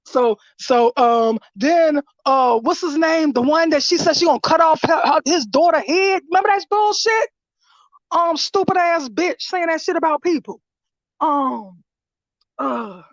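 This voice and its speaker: A woman with a high voice tells a story as a casual, animated and profane vlog rant. Her voice is recorded dry, with a dull lo-fi sound. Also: no echo. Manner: animated, profane, laughing through retelling. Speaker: vlogger.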